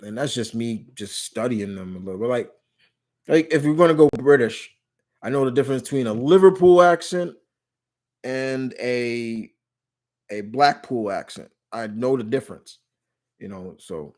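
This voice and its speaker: A man's voice: mid-range voice, normal speed, darkish tone. Rambling man hosting a live Q&A. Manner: rambling, with frequent restarts and self-corrections. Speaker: live stream host answering viewer questions. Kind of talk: casual live Q&A chat.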